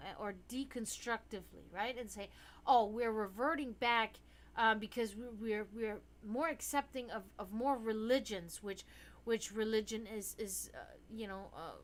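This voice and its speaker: A woman hosting a casual livestream, rambling with many restarts and fillers, sounding tired. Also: fairly bright tone. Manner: high baby talk to her cats. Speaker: livestream host.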